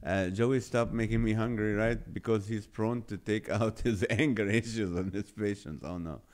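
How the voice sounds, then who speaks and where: A middle-aged man hosting a live show speaks at a moderate pace in a fairly low, darkish voice with fairly even intonation. Reading viewer comments aloud in casual chat, he stays playful and jokey, laughing often at the jokes.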